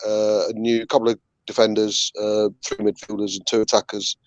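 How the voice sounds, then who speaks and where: A man's voice: on the low side, little pitch movement, moderate pace, no room sound. A passionate man talking football who swears freely and trails off mid-thought. His voice sounds dry and close, but dull and lo-fi. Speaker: football podcast panelist. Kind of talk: casual heated chat.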